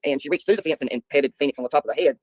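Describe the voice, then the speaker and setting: A middle-aged man spins rambling, folksy stories for his livestream viewers, laughing as he goes. He talks very fast in a slightly high voice, recorded close and dry with no room sound. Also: dry recording. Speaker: livestream host. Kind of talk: casual storytelling chat with viewers.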